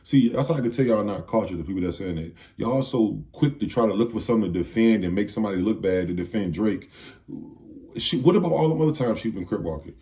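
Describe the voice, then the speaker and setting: A man's voice: on the low side, lively intonation, quick pace, dark tone. A man giving a heated, profane commentary rant, firing off rhetorical questions. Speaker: video commentator.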